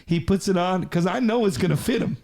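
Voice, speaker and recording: A Texan man hosting a group talk show loudly tells a long story, rambling, cursing, and repeating himself often. His high-pitched voice runs a little fast, with vocal fry and a darkish tone.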